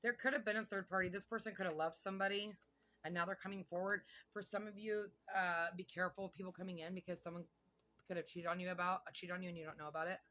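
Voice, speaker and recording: A woman giving a casual tarot reading, chatty and excitable, thinking aloud and swearing now and then. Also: fairly low pitch, fast. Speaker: tarot reader.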